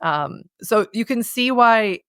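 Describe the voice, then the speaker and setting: A North woman, a voice and communication consultant, explaining in a lively conversational interview and demonstrating sounds as she goes. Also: a little high, slow, clear, resonant tone, no room sound, clean studio sound. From North America.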